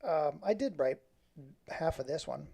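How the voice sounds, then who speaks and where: A man's voice: a little high, animated, a little slow, creaky, mellow, breathy edge. A man talking casually to the camera in a rambling, self-deprecating way. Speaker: vlogger.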